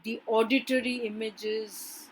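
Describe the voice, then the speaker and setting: A woman's voice: on the high side, level tone, unhurried, slight background noise, low-quality recording. A woman literature teacher lecturing a class on a poem, often stopping to check in with "yes" and "right", with some hesitant restarts.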